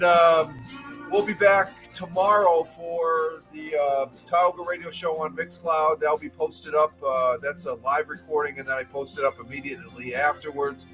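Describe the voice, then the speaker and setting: A man's voice: on the high side, a bit bright. A man hosting a casual morning live stream, thanking viewers by name in a rambling way with many ums and uhs.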